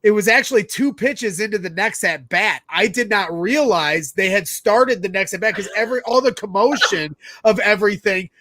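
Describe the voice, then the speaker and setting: This is a man hosting a casual sports talk show, telling stories in a lively, rambling way. His voice sits high for a man. The recording is close and dry, with no room sound at all. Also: normal speed, few pauses, dry recording. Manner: animated, rambling anecdote telling. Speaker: podcast host.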